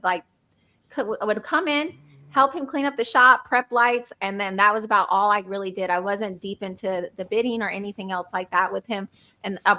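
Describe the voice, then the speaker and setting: Bright, animated woman storyteller. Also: mid-range voice. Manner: animated storytelling, giggly, acts out quotes. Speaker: business owner guest. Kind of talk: casual podcast chat.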